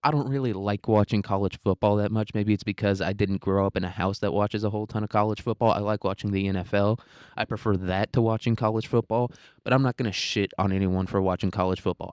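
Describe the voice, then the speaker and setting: A man's voice: on the low side, steady tone, fairly quick, dry recording, clean studio sound. A young man ranting in a casual, profane, rambling monologue, full of restarts and blunt opinions. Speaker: podcast host.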